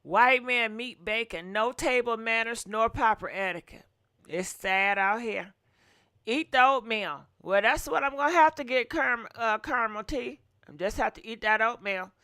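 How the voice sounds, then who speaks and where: A woman's voice: a little high, moderate pace, bright, forceful tone, no room sound, studio quality. Folksy, chatty woman host. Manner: chatty, folksy, sighing and humming asides. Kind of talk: casual chat to viewers.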